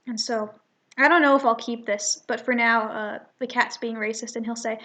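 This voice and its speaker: A woman's voice: on the high side, steady tone, moderate pace, sharp tone. A young woman casually reading a comic aloud, chatty and often stumbling and correcting herself. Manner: chatty, stumbling over words, self-correcting. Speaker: reader of a fan comic. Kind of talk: casual comic read-along with voices.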